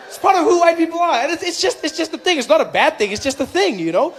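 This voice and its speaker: A man doing stand-up comedy, telling stories with lively impressions. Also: very high voice, quick pace, a little hiss or hum. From South Africa.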